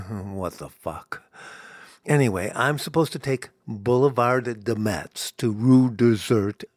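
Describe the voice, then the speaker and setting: An American man narrating his own story in the first person, wry and self-mocking, in a slow, unhurried telling. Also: medium pitch, no room sound, studio quality. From United States.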